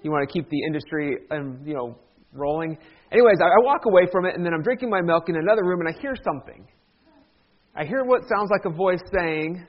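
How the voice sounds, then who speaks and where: Male pastor, light humorous sermon, high voice, muffled lo-fi. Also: expressive, quick pace. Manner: joking, conversational storyteller. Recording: dull lo-fi sound.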